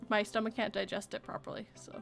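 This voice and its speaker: A woman with a Canadian accent hosting a casual podcast chat, chatty and quick to laugh. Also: medium pitch, level tone, vocal fry, a bit bright, faint music behind. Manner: giggly, chatty. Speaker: podcast host.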